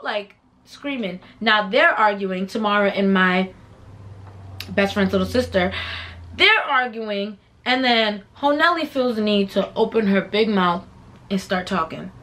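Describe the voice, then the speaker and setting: A young woman in her early twenties tells a storytime on her own channel in easy, slang-filled talk. She slips into other people's voices as she goes. Her pitch sits in a middle range. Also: unhurried. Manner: animated, slangy storytelling that acts out quoted voices. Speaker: vlogger. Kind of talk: casual storytime.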